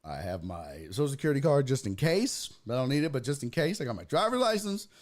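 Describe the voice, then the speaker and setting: A man's voice: mid-range voice, sing-song, quick pace. A man from Texas, hosting a podcast and telling a story in a casual, profane, ranting way. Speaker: host.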